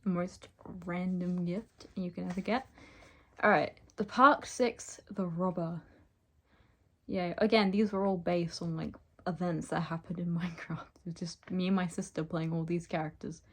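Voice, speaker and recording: A woman's voice: lowish voice, fairly even intonation, normal speed, fairly bright tone. A young woman reading aloud stories she wrote as a child, breaking off for giggly, self-mocking asides. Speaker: reader of her childhood stories.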